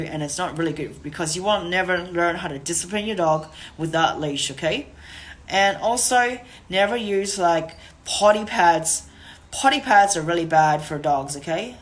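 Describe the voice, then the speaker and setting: A woman instructor giving a casual teaching monologue, rambling with many fillers and restarts, and now and then showing off firm and cheerful tones of voice. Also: fairly low pitch.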